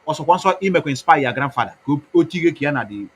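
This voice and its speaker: Husky Igbo-accented man, preachy ramble. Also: fairly high pitch, animated, fast talker, low-quality recording. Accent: Igbo Nigerian. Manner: mixes English and Igbo, preachy and mocking. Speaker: activist campaigner. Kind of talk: rambling campaign talk.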